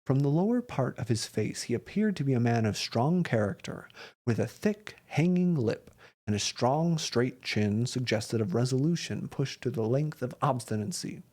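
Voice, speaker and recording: A man reading a classic story aloud with expressive narration. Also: medium pitch, normal speed.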